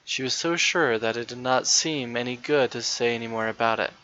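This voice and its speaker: Male storybook narrator, steady, bright, lo-fi sound. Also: medium pitch, fairly quick. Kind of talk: reading a children's story aloud. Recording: dull, lo-fi dry recording.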